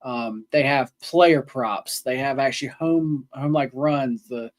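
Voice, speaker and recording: A man's voice: medium pitch, takes it slowly. Laid-back man rambling about bets. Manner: casual, rambling, many ums and restarts. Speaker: co-host. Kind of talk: sports betting podcast chat.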